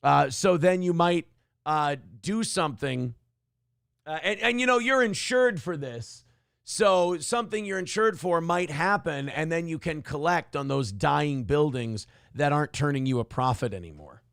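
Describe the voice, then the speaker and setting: Man, stream talk-show host, sarcastic, rambling, fillers, somewhat high voice, dry close sound. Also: expressive, measured pace, creaky, fairly bright tone, clear, resonant tone, no echo. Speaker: show host reading live chat.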